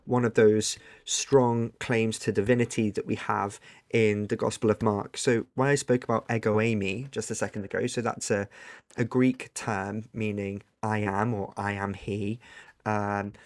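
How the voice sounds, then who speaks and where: A man's voice: fairly low pitch, level tone, moderate pace, darkish tone. Earnest man explaining scripture conversationally. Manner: earnest, thinks aloud while explaining. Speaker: guest discussing scripture.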